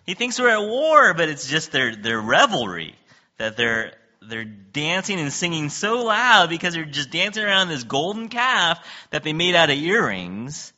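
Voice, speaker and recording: Animated, forceful male preacher. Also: a little high, unhurried. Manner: animated, laughs often, keeps asking "right?". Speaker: pastor. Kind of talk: sermon. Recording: dull lo-fi recording.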